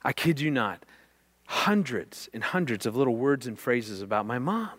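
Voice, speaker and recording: A middle-aged man giving a faith-based teaching talk on marriage, an earnest and animated storyteller who repeats words when excited. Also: medium pitch, normal speed. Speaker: marriage speaker.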